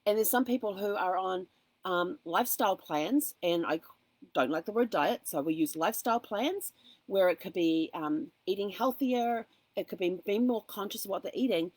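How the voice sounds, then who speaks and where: A woman's voice: medium pitch, normal speed, darkish tone, no echo, rough recording. A woman hosting a casual motivational talk, speaking in an earnest, encouraging way and weaving in personal asides. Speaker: host.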